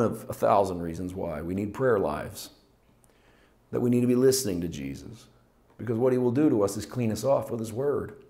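A man teaching a sermon as pastor, shifting between loud, emphatic preaching and quiet, reflective asides, sometimes tongue-in-cheek. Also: fairly low pitch, animated, normal speed.

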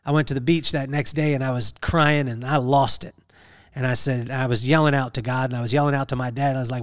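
A man's voice: mid-range voice, steady tone, fast talker, clean tone, no room sound, studio quality. A man hosting a podcast, telling a personal story in an earnest, preacher-like way and repeating phrases for emphasis. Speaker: podcast host.

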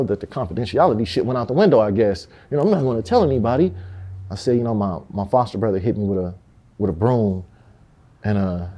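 Man, mellow dark tone, streetwise storyteller who acts out the voices he quotes. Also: on the low side. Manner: streetwise, swears, quotes people in their voices. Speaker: interviewee. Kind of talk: candid storytelling interview.

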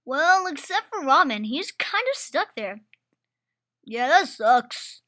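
A woman commentating a home-made toy race, full of excited exclamations. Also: extremely high pitch, takes it slowly.

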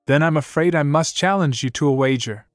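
A man's voice: fairly high pitch, brisk, no room sound, studio quality, soft background music, close to an everyday voice. A man voicing a proud, clever young princess who speaks in a cool, formal, commanding way. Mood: probing.

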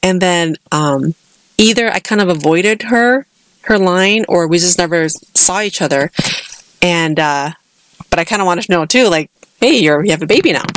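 A woman's voice: lowish voice, moderate pace, fairly bright tone, a little hiss or hum. An American woman in her thirties, a podcast co-host telling a long personal story in casual chat, with frequent restarts. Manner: chatty storytelling, many restarts.

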